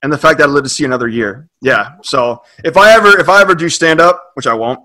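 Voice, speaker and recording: A man in a relaxed podcast conversation, spinning a story with plenty of "like" and "you know." His voice sits a bit high for a man and rings bright and forceful. He builds momentum as he goes. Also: fast, low-quality recording. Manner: animated storyteller, heavy filler words. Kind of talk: casual storytelling chat.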